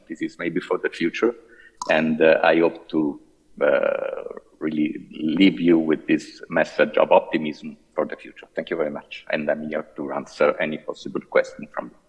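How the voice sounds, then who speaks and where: Man, prosecutor, panel talk, deep husky voice, many fillers, long hall reverb. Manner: deliberate, with frequent fillers and restarts. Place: conference hall.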